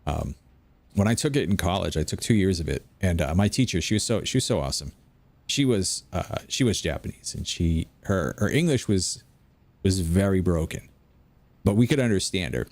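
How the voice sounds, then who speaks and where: A deep-voiced American man with lively intonation talks at a normal speed while playing a video game, his tone darkish. He rambles anecdotally and restarts sentences, and the recording has no room sound.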